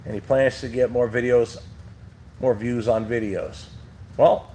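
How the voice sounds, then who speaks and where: A man's voice: mid-range voice, steady tone, measured pace, warm tone, slight background noise. A middle-aged man from New Jersey, a trucking channel host, chatting loosely on a livestream from his truck shop and reading out viewer comments. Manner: rambling, loose, with many fillers.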